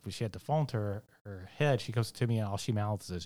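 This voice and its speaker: A man's voice: lowish voice, fast, few pauses, a little mellow, dry recording. A man co-hosting a podcast, telling a story in loose casual chat full of "like" and quoted asides. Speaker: podcast co-host.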